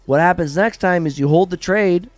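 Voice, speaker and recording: A man hosting a live trading stream, explaining trades in a blunt, profane, animated way and acting out traders' reactions. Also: high voice, normal speed, no room sound, faint music behind. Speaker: trading livestream host.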